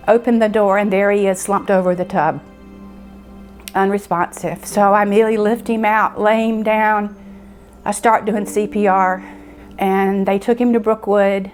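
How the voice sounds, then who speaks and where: A middle-aged woman telling of losing her son, halting and emotional, pausing often as she speaks. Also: medium pitch, fairly even intonation, faint music behind. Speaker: bereaved mother. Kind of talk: personal testimony interview.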